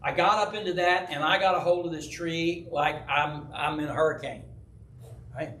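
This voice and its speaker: In a church hall, a pastor with a fairly high voice teaches Bible study at a moderate pace, the roomy recording carrying slight hiss or hum. He's a loose, animated storyteller who shares personal stories, acts out quoted voices and keeps checking in with "right?".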